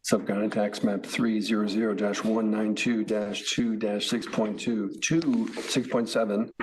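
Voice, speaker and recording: A man on a planning board reading a formal resolution aloud, slow and careful over the numbers. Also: on the low side. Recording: noisy meeting audio.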